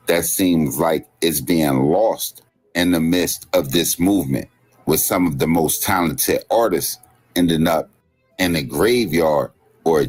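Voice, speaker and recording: A man's voice: sits low, husky. A man narrating a serious scripted story about street violence, then asking viewers to comment. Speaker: channel host narrator.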